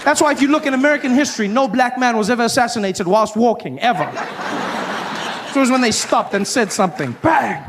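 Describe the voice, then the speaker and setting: A man from South Africa with a South African accent, performing stand-up comedy with animated storytelling that slips into character voices. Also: very high voice, quick pace, background noise. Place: live comedy venue with audience.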